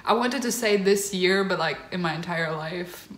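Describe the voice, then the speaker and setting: A woman's voice: fairly low pitch, normal speed, soft background music. A young woman vlogger telling a personal story in a casual, gushing way, emotional and near tears, with lots of fillers. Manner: gushing, tearful excitement, filler-heavy. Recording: roomy echo.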